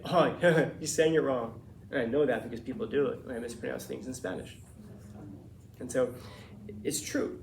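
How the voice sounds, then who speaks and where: A man's voice: on the high side, roomy sound, a little hiss or hum. A male teacher lecturing his class in a conversational, emphatic way, acting out the voices of people he quotes. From Los Angeles.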